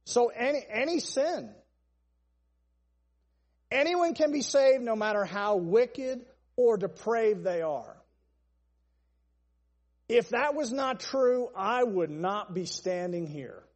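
A man's voice: very high voice, lively intonation, takes it slowly, pauses often, in a large hall. A man preaching a sermon, stressing points through long repeated lists. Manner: emphatic, repetitive list-style preaching.

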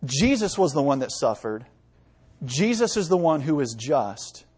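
A man's voice: on the high side, big pitch swings, a little slow, a little mellow, breathy edge. A man in his thirties preaching a sermon, telling stories and using paper props with his young sons in a conversational way. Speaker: pastor. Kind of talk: sermon with object lesson.

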